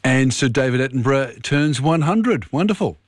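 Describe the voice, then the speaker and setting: A man's voice: medium pitch, expressive, normal speed, no echo. A man hosting a radio chat show, giving brief reactions and an upbeat sign-off. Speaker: radio host.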